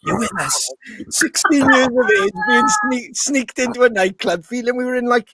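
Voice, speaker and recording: Bloke remembering old days, voice jumping up and down, dry mic. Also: male voice, very high voice, moderate pace, no room sound. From Wales. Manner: lively, laughing reminiscence. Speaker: podcast co-host. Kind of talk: casual chat.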